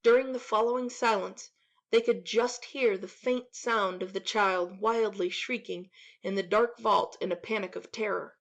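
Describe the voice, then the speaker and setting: A woman narrates a classic tale in a measured, expressive voice at an even middle pitch. Her reading is steady and dramatic, shaping each scene. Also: highs cut off. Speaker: audiobook narrator.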